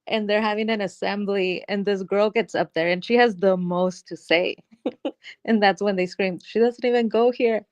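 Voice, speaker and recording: An earnest woman co-hosts a live stream, chatting about a TV episode. She slows down to spell out her points in a mid-pitched voice. The recording is dry and close. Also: fairly even intonation, dry recording, lo-fi sound. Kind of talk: casual chat reviewing a TV episode.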